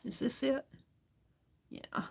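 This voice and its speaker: A woman hosting a crafting livestream, chatting casually and reading viewer comments aloud as she works. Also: takes it slowly.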